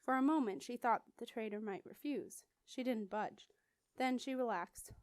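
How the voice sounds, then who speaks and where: Clear-voiced woman reading a novel aloud. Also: fairly high pitch, normal speed, no echo. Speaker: audiobook reader. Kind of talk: audiobook narration.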